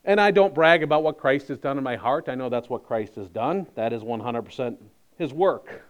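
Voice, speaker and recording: A man's voice: medium pitch, lively intonation, moderate pace. A man pastor giving a sermon in a conversational, emphatic way with wry humor.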